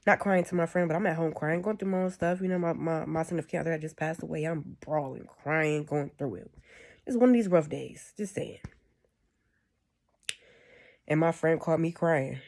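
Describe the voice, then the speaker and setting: Woman with a gravelly voice. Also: deep voice, normal speed, a little mellow. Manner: rambling, conversational, keeps asking "you know what I'm saying". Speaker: spiritual speaker. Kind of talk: casual spiritual monologue.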